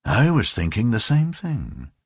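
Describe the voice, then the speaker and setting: A man reading an audiobook, voicing an obsessed, grief-stricken old man whose pitch leaps up sharply on words. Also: wildly swooping pitch, measured pace, breathy edge, no room sound, studio quality, full character voice. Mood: weary. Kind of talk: audiobook character voice.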